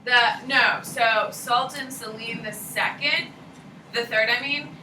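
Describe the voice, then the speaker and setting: A woman teaching a high school history class, talking casually and candidly and swearing offhandedly as she lectures. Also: slow pace, bright, forceful tone, a little hiss or hum. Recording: echoey classroom from far off.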